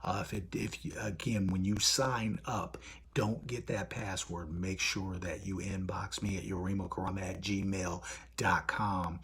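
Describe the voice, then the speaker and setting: A man's voice: low-pitched, unhurried, slightly rough. A man hosting a live stream in casual talk, blunt and profane. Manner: blunt, profane, animated storytelling.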